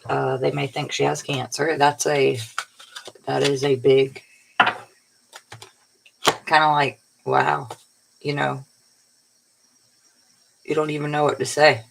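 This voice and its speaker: A woman's voice: extremely low pitch, level tone, takes it slowly, gravelly, long pauses, noisy background. A woman tarot reader giving a casual, rambling spiritual pep talk in a colloquial way, sounding tired. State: tired, yawning.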